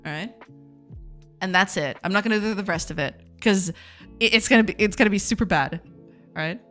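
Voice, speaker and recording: A woman's voice: mid-range voice, a little fast, fairly bright tone, faint music behind. A woman streaming game development live, chatting casually with her viewers, laughing often and repeating herself in a self-deprecating way.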